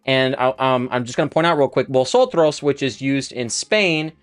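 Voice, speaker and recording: A man's voice: medium pitch, lively intonation, normal speed, smooth, no room sound. A man teaching a casual live-streamed Spanish lesson, thinking aloud with fillers and restarts while he writes out conjugations.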